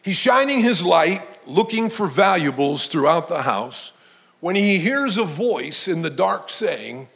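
Male pastor with a high voice, preaching with emphatic build-ups. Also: sing-song, unhurried, creaky. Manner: storytelling preacher, emphatic, rising to shouts. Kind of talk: sermon.

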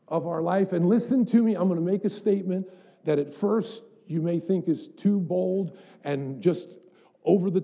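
A man's voice: high-pitched, warm tone, breathy edge. A middle-aged man preaching a sermon as pastor, emphatic, building up with rhetorical questions to the congregation.

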